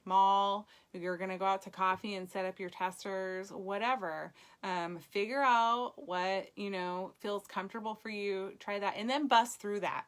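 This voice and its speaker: A woman's voice: medium pitch, fairly bright tone. A woman leading a direct-sales team, giving a chatty motivational live video talk with lots of ums. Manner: encouraging, chatty, frequent ums.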